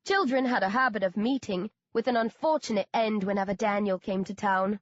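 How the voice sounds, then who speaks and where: A woman's voice: medium pitch, a little fast, no echo, muffled recording, natural voice. A woman doing a trilling cruel woman. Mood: gleeful. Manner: trilling, purring. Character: gleeful cruel woman with a gun.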